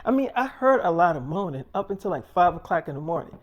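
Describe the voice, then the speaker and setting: A casual, rambling storyteller at mid pitch. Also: big pitch swings, fast, hardly any pauses. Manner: casual, rambling, repeats "she's like". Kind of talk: improvised story narration with quoted dialogue.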